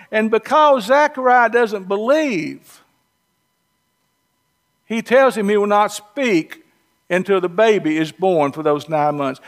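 A man with a Southern US accent preaching a sermon in a folksy, conversational storytelling way with humorous asides. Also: extremely high pitch. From Southern US, North Georgia or North Alabama.

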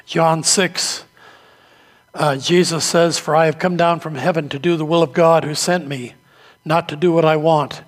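A man with a high, light voice preaching in a church. He tells his stories with feeling and takes on the voices of the people in them. His words ring out with a long echo through the hall. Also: fairly even intonation, normal speed. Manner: storytelling preacher, acts out quoted voices. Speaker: pastor. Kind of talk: sermon.

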